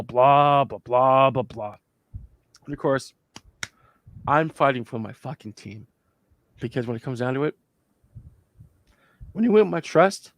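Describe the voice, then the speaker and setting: This Canadian man, a former convention staffer now co-hosting a podcast, has a fairly high, darkish voice with no echo. In a casual storytelling chat, he rambles emotionally through a long, profane tale, acting out quotes along the way.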